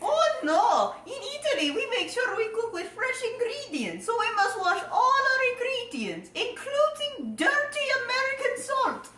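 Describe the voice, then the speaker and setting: A woman's voice: very high-pitched, big pitch swings, measured pace, hardly any pauses, bright, forceful tone, a little hiss or hum, heavily acted. A woman voicing an over-the-top male Italian mafia chef with a cartoonish put-on Italian accent, wailing and squealing. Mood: scheming. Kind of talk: comedic fan cartoon voice acting. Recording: roomy echoing room.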